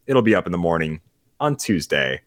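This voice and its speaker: Lively, joking podcast host. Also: male voice, low voice, brisk, no room sound. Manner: playful, jokey, teasing. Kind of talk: casual podcast chat.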